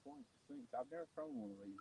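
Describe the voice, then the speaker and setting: A man, making lively joking remarks while fishing from a boat on a lake. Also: on the high side, fast talker, far from the mic. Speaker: fishing video co-host. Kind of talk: casual chat while fishing. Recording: gravelly voice from off-mic over loud outdoor noise.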